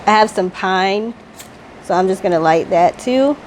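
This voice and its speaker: A woman at a middle pitch walks viewers through a spiritual healing ritual in relaxed, everyday speech. Her tone stays gently instructive and unhurried. She reads her affirmations slowly and deliberately. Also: slight background noise. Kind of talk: guiding a ritual step by step.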